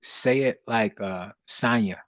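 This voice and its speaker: A man's voice: on the low side, takes it slowly, a bit bright, no room sound. A man hosting a live trading stream, chatting casually and reading the chat aloud. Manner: laid-back, chatty, reads chat aloud. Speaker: livestream trading host.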